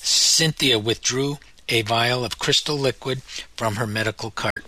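A man narrating his memoir as an audiobook, in measured, solemn, deliberate phrasing. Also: mid-range voice, pushed and bright.

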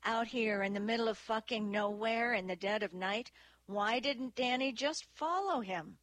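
A woman narrator voicing a sharp-tongued, defiant female detective who snaps back sarcastically. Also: a little high, normal speed, no room sound, lightly acted. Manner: snappish, sarcastic.

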